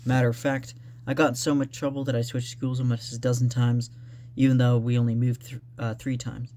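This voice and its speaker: A man's voice: mid-range voice, level tone, fairly quick, warm tone, slight background noise, lightly acted. A man reading aloud from his own draft as an aloof, uneducated Southern man of about thirty, in a plain first-person voice. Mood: offhand.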